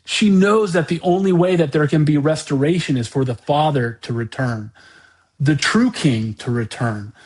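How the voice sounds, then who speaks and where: A man hosting a podcast, talking through an unscripted monologue in a halting way, often repeating words and restarting his sentences. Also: a little high, darkish tone. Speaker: podcast host.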